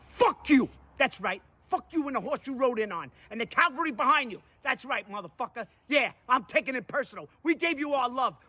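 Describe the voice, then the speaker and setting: A man in a played clip ranting furiously at a ballplayer, shouting and cursing bitterly. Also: extremely high pitch. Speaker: angry sports fan in a clip. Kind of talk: furious rant.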